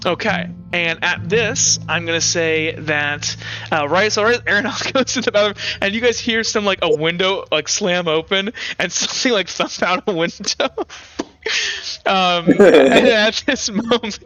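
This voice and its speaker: A man's voice: sits high, measured pace, pushed and bright, lo-fi sound, soft background music. A young man narrating a tabletop game as game master, rambling with many fillers and giggles.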